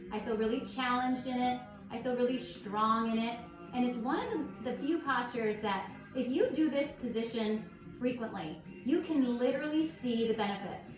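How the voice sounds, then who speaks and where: A woman guiding a yoga class at home, calm and encouraging as she talks listeners through each pose. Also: a little high, normal speed. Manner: calm, encouraging, gently instructive. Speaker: yoga instructor. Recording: echoey room with faint music.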